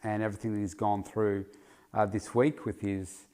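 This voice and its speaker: A middle-aged man with a fairly low voice talks through a solo podcast episode. He speaks loosely and conversationally, circling back with fillers and false starts as he works through his thoughts. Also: little pitch movement, normal speed, dark tone. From Australia. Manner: casual and rambling, with frequent fillers and restarts. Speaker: podcast host, health coach.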